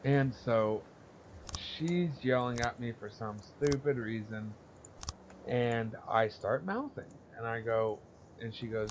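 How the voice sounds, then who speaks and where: A young man talks slowly and bluntly, swearing freely as he rambles through a story in casual podcast chat. His pitch sits in an ordinary middle range, and there is a faint hiss behind him. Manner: blunt, profane, rambling with laughs. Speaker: podcast co-host.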